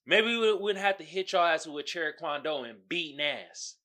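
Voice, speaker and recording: A man from the United States rants solo on his podcast in a lively, swooping voice that sits a little high. His tone is bright and forceful, and he mixes mockery and profanity with laughter at his own jokes. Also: moderate pace. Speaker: podcast host.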